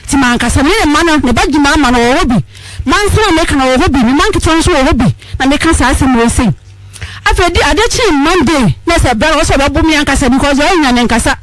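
A woman's voice: high-pitched, expressive, quick pace, no echo, poor audio. A Ghanaian woman calling in to a radio show, telling her story in a tearful, pleading way that rises into outbursts. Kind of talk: emotional phone-in testimony.

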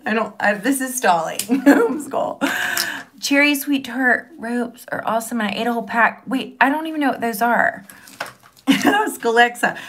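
A woman's voice: a little high, a bit bright. A young woman, chatting casually and laughing often as she tries makeup products. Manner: giggly, rambling, self-mocking. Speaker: beauty vlogger. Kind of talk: casual chat.

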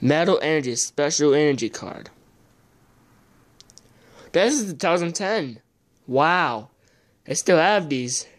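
A young adult talks slowly and unhurriedly through a pack-opening video, mumbling half to themself. Frustration keeps spilling out as swearing between remarks about each card. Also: mid-range voice, animated. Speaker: video host opening trading card packs. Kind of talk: casual unboxing commentary.

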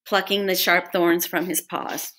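A woman reading a storybook aloud to children as a teacher, pausing to ask her listeners questions. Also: lowish voice, steady tone, fairly bright tone.

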